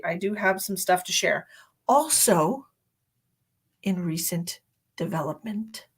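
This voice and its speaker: A woman hosting a live psychic reading stream, chatting casually in an excitable way, with laughs and whispered asides. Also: mid-range voice. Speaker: psychic medium host. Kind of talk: casual livestream chat.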